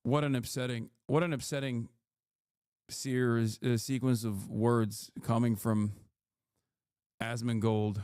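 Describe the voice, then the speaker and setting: A man's voice: mid-range voice, level tone, slow, pauses often, darkish tone, smooth, no echo, clean studio sound. A man streaming live, reacting to videos with sarcastic, mocking commentary.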